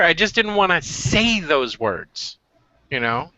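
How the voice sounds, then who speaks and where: A man's voice: a little high, big pitch swings, slow, bright, forceful tone, dry recording. A man from California hosting a casual web show, telling stories animatedly and acting out quotes, over dull web call audio. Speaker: host.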